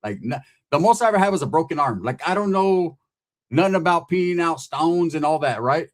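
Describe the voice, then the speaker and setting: A man's voice: fairly high pitch, expressive, a little fast. A man from California telling a rambling, profane street story in casual talk, acting out the other people in it.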